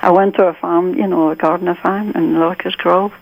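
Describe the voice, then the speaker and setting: A woman calling in to a radio gardening show, chatting with halting, simple phrasing and lively storytelling. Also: on the low side, creaky, slight background noise, poor audio. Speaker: regular radio caller. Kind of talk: casual phone-in chat.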